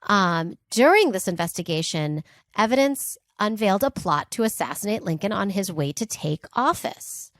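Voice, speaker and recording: A woman co-hosts a podcast, retelling a history story in chatty, animated talk. She laughs often and sprinkles in "like" and "um" asides, her medium-pitched voice at a moderate pace, recorded studio-quality with no echo.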